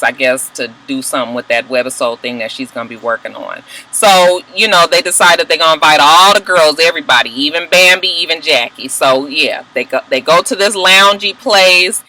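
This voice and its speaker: A woman recapping a reality TV episode in a blunt, sassy, heavily profane way, her pitch swinging widely as she tells the story. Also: sharp tone, low-quality recording. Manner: sassy, blunt, heavy swearing, mocking asides; wildly swinging pitch when telling the story. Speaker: TV show recap vlogger. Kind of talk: casual profane recap commentary.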